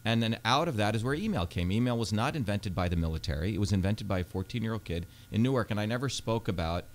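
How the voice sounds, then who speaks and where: A man's voice: lowish voice, lively intonation, fast talker. A man, a Senate candidate telling his life story earnestly in a radio studio interview, with many fillers. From India.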